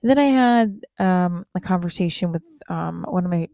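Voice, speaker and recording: Low gravelly woman rambling on her podcast, lots of ums, sounds hurt, dry close sound. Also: animated, warm tone, dry recording. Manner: rambling, halting, many fillers and restarts. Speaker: podcast host. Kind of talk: confessional monologue.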